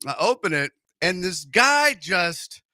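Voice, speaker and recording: A man with a high voice hosts a radio show, speaking slowly in a dry, studio-quality recording. His story comes out in casual chat, full of jokes, with him animatedly acting out each voice.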